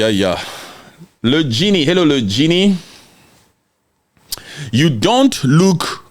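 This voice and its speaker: A man from Congo delivers a fiery, mocking political rant, hammering key words over and over. His voice sits at an ordinary pitch but swings widely up and down as he answers viewer comments. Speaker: live-stream political commentator. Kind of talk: impassioned ranting commentary.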